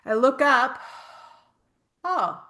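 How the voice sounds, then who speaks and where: A woman's voice: high-pitched, very animated, extremely slow, bright, forceful tone. A middle-aged woman hosting a spiritual workshop, telling chatty personal stories with casual swearing.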